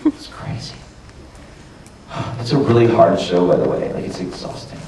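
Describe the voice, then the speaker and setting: Hoarse man chatting on a panel. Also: sits low, sing-song, normal speed, crowd noise. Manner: loose and chatty, swears freely. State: hoarse, worn-out voice. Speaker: voice actor on a convention panel. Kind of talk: casual panel Q&A. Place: large convention hall. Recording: echoey hall from far off.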